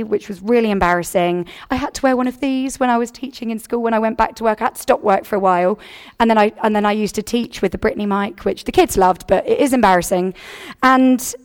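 Earnest woman giving a sermon testimony. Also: medium pitch. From England. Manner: earnest, conversational, many restarts. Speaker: church speaker.

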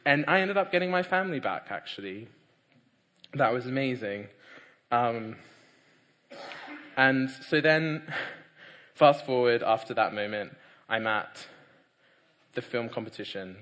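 A young man giving a personal testimony, animated, laughing often and acting out other people's voices. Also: medium pitch, measured pace, long pauses, in a large hall. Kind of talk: personal conversion storytelling.

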